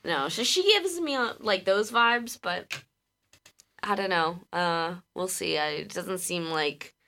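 A woman co-hosting a podcast in casual chat, rambling and quick to laugh, with some casual swearing. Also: lowish voice, animated, bright, forceful tone. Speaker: podcast co-host.

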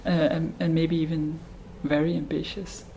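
Mellow-voiced woman artist being interviewed. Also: deep voice, flat delivery, moderate pace, creaky, slight background noise, low-quality recording. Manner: thoughtful, hesitant with restarts. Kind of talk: casual interview.

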